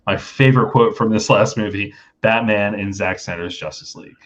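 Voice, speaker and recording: A man's voice: lowish voice, fairly quick, few pauses, a bit bright, highs cut off. A man hosting a casual online trivia night, reading out questions and chatting loosely between them. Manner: easygoing, reads questions and jokes between them. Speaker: trivia quiz host. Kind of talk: casual live trivia stream.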